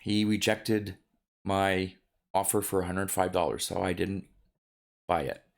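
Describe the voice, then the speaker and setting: A man's voice: low-pitched, fairly even intonation, unhurried, creaky. A man vlogging about his card collecting in a casual, rambling way, with many ums and restarts.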